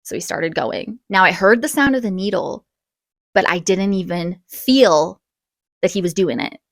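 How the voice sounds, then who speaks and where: A young woman telling a casual storytime vlog, chatty and animated, with quick bursts and gasps. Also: lowish voice, no echo. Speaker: vlogger.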